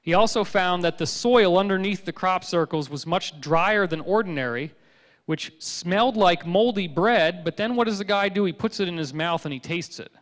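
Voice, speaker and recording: A man giving a public lecture, telling stories in a joking, animated way. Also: sits high, moderate pace, big-room sound.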